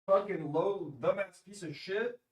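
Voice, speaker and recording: A man's voice: high voice, unhurried, muffled recording, slight background noise. A man streaming live, chatting casually and thinking aloud, with plenty of swearing.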